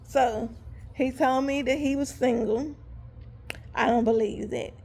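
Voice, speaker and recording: A woman's voice: high voice, measured pace, vocal fry, slight background noise. A woman telling a story to her viewers in a casual, chatty way, talking straight to them and laughing as she goes. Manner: animated, laughs while telling. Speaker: vlogger.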